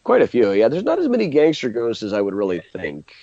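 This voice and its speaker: A male historian and tour guide telling animated stories in a radio interview, with laughs and restarts. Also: medium pitch, fast, creaky, no room sound, highs cut off.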